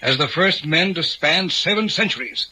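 An eager occult mentor. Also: male voice, fairly high pitch, normal speed, a little hiss or hum, poor audio. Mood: intent. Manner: urgent, commanding, excitable. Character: eager older male occult enthusiast, mentor. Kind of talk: radio drama acting.

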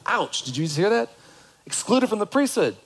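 A man preaching to his church congregation in a relaxed, conversational way. His voice sits a bit high for a man, and he keeps asking his listeners questions. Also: normal speed, husky. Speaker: pastor. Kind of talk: sermon.

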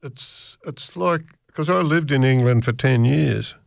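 A man's voice: mid-range voice, measured pace, creaky, no echo, studio quality. A man presenting a radio music show in a casual, meandering way, with many restarts as he chats between records. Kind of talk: casual rambling radio chat.

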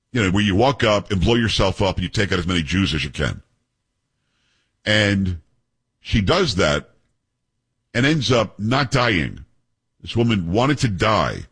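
A man's voice: on the low side, a bit bright, breathy edge. A man hosting a talk radio show, telling stories emphatically and firing off rhetorical questions. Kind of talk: opinionated talk radio monologue.

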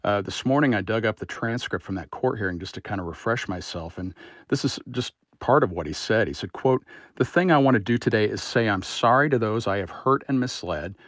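Field: news. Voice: low-voiced political editor, dry. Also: male voice, lively intonation, fairly bright tone, no room sound. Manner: measured, slightly halting reporter. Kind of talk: radio interview answers.

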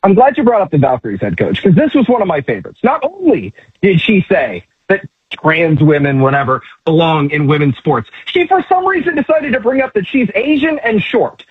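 A man's voice: high-pitched, very animated, a little fast, husky, dry recording. A man calling in as a guest commentator, talking emphatically and sarcastically in a fired-up opinion rant. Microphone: phone line. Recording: tinny phone line, dry.

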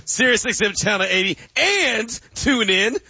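A man's voice: high voice, very animated, a little slow, sharp tone, slightly rough, no room sound. A man hosting a sports radio show, bantering casually in a playful, teasing way and laughing often. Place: radio studio. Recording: dull, dry studio radio audio.

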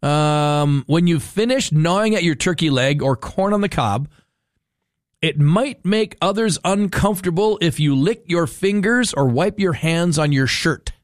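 A radio host chats his way through a casual segment, his voice sitting a little high for a man. He tells stories with lots of energy and slips into playful voices when he quotes people. The sound is close and dry, with no room echo. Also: measured pace. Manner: chatty, animated storytelling with playful quoted voices. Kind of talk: casual talk radio chat.

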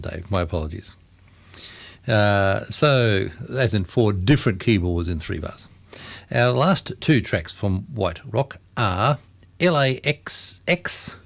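A man presenting music on the radio, chatting casually and correcting himself as he goes. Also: mid-range voice. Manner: chatty, self-correcting, lively intonation.

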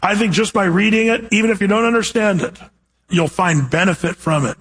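A man with a husky, rather high voice preaches a verse-by-verse sermon. He reads scripture aloud and keeps turning to his congregation with earnest, direct questions. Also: fairly quick, fairly bright tone, rough recording. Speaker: pastor.

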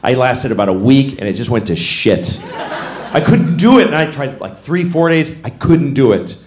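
A middle-aged man doing stand-up comedy, animated, often breaking into loud character voices. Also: medium pitch, moderate pace. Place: comedy club stage. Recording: echoey venue with noisy ambience.

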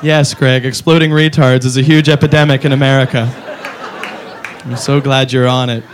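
A man doing a profane stand-up comedy routine, animated and mimicking voices. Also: mid-range voice, normal speed, noisy background.

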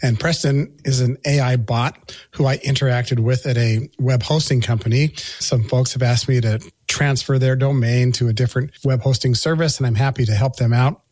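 A man's voice: mid-range voice, darkish tone, no room sound. A man co-hosting a casual podcast chat, friendly and chatty. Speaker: podcast co-host.

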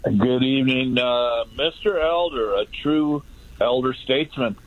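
A man's voice: medium pitch, dry recording. Rambly guy in his 50s calling in, lots of uhs and restarts, sounds like a thin phone line, dead dry. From Southern California. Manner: rambling, halting with many fillers and restarts. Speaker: caller. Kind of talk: rambling call-in story.

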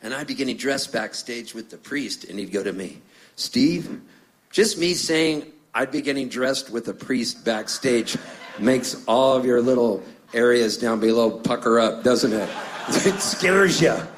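A man's voice: medium pitch, unhurried. A middle-aged man from Canada telling jokey stories on stage between songs, acting out voices as he goes. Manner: animated, jokey, acts out voices.

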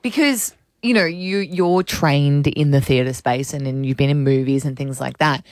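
A woman's voice: sits low, moderate pace, a little mellow, no echo, clean studio sound. A woman with an Australian accent, co-hosting a radio show and chatting casually with plenty of fillers. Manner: chatty, giggly, lots of fillers. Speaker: radio host. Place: radio studio.

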